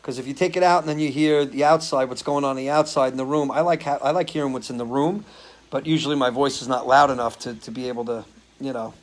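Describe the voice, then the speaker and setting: A man's voice: mid-range voice, fairly even intonation, fast, low-quality recording. A man who sings and hosts a live stream, chatting loosely with viewers, answering their comments and swearing casually. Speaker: singer hosting a live stream.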